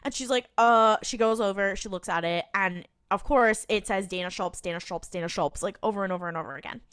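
A woman's voice: medium pitch, brisk, fairly bright tone, smooth. A woman co-hosting a podcast, chatting casually as she retells scenes with quoted lines and the odd swear. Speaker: podcast co-host. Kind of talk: casual recap chat.

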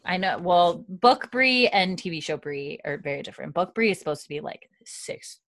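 A woman's voice: fairly low pitch, animated, moderate pace, a bit bright. A woman podcast host giving a chatty, casual episode recap, full of fillers and acted-out lines.

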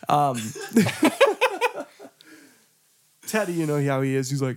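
A man's voice: medium pitch, unhurried, pauses often, a little mellow, dry recording, clean studio sound. A man on a podcast telling an embarrassing story in casual, profane chat, breaking into laughter and acting out what he said. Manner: profane, laughing storyteller who acts out his own lines. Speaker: podcast co-host.

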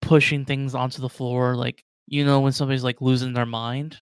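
A man's voice: medium pitch, flat delivery, fairly quick, smooth, no echo, studio quality. A man narrating as game master of a tabletop role-playing game, rambling and full of "like". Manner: rambling, heavy with "like".

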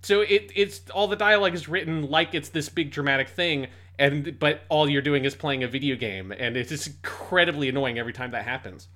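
A man's voice: on the high side, fairly quick, hardly any pauses, bright, forceful tone. A man co-hosting a podcast, talking casually and animatedly about a show, swearing freely. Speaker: podcast co-host. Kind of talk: casual review discussion.

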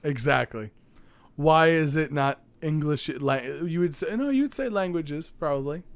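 A man riffing casually among friends, joking and laughing as he talks. His slightly high voice swings up and down a lot. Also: moderate pace, clear, resonant tone, no room sound. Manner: joking, animated, laughs often. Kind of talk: casual banter.

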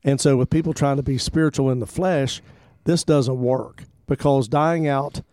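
Easygoing male pastor co-host, mellow voice, unhurried and rambling. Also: medium pitch, fairly even intonation, dry recording. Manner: easygoing, rambling, repeats words while thinking. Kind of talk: casual Christian radio talk.

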